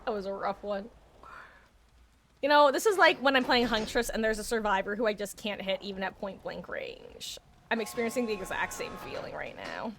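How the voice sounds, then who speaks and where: A woman's voice: medium pitch, big pitch swings, a little fast, vocal fry, a bit bright. A woman giving chatty, self-mocking live commentary on her game, laughing often. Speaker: streamer.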